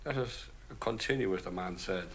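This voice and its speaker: A man's voice: sits low, normal speed, a little hiss or hum. A man singing a comic ballad with spoken asides, putting on a mock posh upper-class English accent. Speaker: singer.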